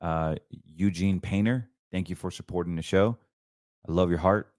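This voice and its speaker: A man hosts his own show, offering casual financial commentary about markets and faith in a fervent, preachy, rambling manner with many restarts. His voice is low-pitched and darkish, at a moderate pace, recorded in studio quality without echo.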